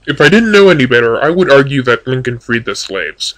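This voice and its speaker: A man's voice: mid-range voice, very animated, brisk, a bit bright, low-quality recording. A man giving casual commentary on a video, answering its claims in a dry, sarcastic way. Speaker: YouTube commentator.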